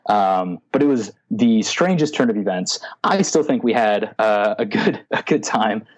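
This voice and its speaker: Young guy on a podcast, kinda low voice, rambly storytelling w lots of likes. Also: animated, unhurried. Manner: rambling, many "like" fillers. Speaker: podcast guest. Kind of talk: casual storytelling.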